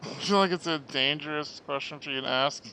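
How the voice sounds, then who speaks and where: A man streaming a game and chatting with viewers, joking and self-mocking, often clearing his throat. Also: fairly high pitch, brisk, bright, forceful tone, a little hiss or hum, low-quality recording. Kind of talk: casual chat reading out stream chat.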